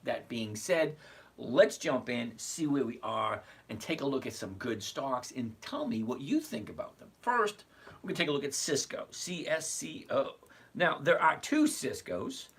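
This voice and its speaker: Man in his sixties, casual livestream host, chatty, greets viewers by name, husky voice, lively intonation. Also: medium pitch. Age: 60s.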